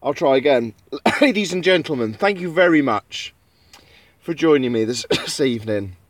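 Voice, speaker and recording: A man's voice: medium pitch, lively intonation, normal speed, no echo. A man chatting casually to viewers on a live stream, laughing often, swearing freely and breaking into coughing fits.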